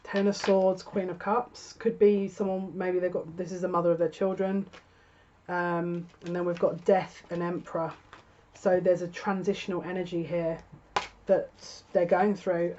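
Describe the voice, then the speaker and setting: A woman's voice: on the low side, level tone, moderate pace, dark tone, dull audio, slight background noise. A woman giving a tarot reading to camera, musing and thinking aloud with frequent restarts. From United Kingdom. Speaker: tarot reader.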